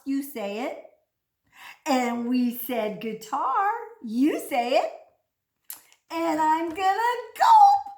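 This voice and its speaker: A woman giving a playful children's speech lesson, talking slowly and with exaggerated, sing-song delivery. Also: on the high side, echoey room.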